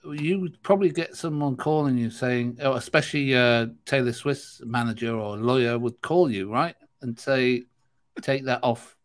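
A man's voice: medium pitch, normal speed. A middle-aged man co-hosting a casual chat, rambling and hesitant with lots of fillers. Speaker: podcast co-host.

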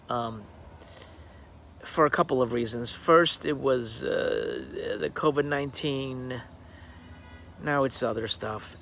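A man's voice: medium pitch, a bit bright, a little hiss or hum. A man recording a casual, rambling video greeting outdoors on his deck, hesitating with ums and uhs. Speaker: actor recording a personal video message.

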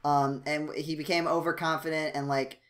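A man co-hosting a casual podcast, rambling with many restarts and fillers, his voice jumping up when he gets excited. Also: moderate pace. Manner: animated, jumps up in pitch when excited. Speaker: podcast co-host.

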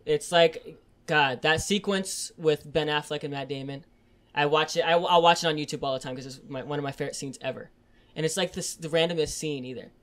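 A man's voice: a little high, a little fast, fairly bright tone. A man co-hosting a podcast, retelling film scenes in a rambling, profane way with lots of fillers. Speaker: podcast co-host. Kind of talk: casual chat.

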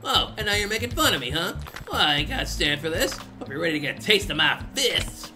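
A man voicing a hotheaded street thug who talks in a loud, taunting, belligerent way, with game music behind. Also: on the high side, sing-song, quick pace. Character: hotheaded male street thug, picking fights.

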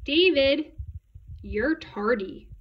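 A woman voicing a stern schoolteacher who barks short, sharp commands at a pupil. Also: high voice, lively intonation, very slow, voice pushed up, exaggerated voice. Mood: scolding. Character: stern scolding schoolteacher, adult. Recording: dull lo-fi recording.

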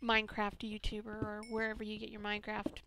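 A woman's voice: medium pitch, monotone, fast talker. A woman casually commenting while playing a game, swearing a lot and muttering under her breath. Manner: profane, swears a lot at enemies. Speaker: let's play gamer. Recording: constant background noise. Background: mouse clicks.

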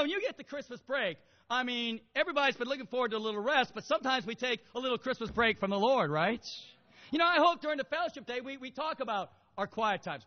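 A man preaching a sermon, animated, moving from quiet storytelling to loud exhortation. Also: extremely high pitch. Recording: lo-fi with long hall reverb.

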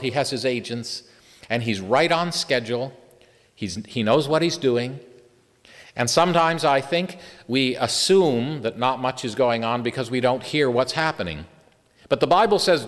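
A middle-aged man preaches with earnest conviction, drawing out important words slowly. His pitch swings widely from phrase to phrase. The voice rings out with a long reverb of a church hall. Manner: earnest, stretches key words slowly for emphasis. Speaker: Bible teacher. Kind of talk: sermon.

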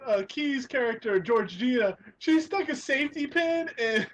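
A young man co-hosting a casual podcast, excitable and crude, laughing as he retells comedy sketches. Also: very high-pitched, normal speed. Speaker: podcast co-host.

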